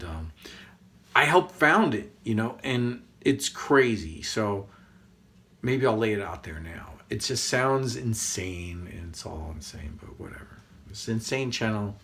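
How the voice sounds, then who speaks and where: A man talking casually as a spiritual teacher, excitable and rambling, laughing often and using many fillers. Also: medium pitch, gravelly. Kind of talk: casual monologue to camera.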